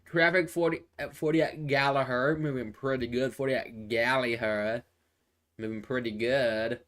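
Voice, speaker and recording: A man's voice: medium pitch, steady tone, normal speed, fairly bright tone. A man giving casual live traffic and weather updates into a phone, rambling and repeating himself with many fillers and restarts. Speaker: amateur weather and traffic presenter.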